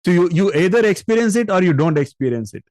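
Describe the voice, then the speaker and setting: A man's voice: sits high, animated, fast, darkish tone, no room sound, studio quality. A man giving a spiritual discourse on scripture, explaining patiently and turning to his listeners with rhetorical questions. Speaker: spiritual teacher.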